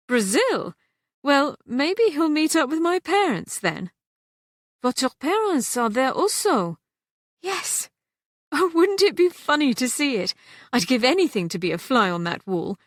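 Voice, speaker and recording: A woman voicing a kind, breezy young English heiress who talks briskly and teasingly. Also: sits high, very animated, no echo, studio quality, voice pushed up.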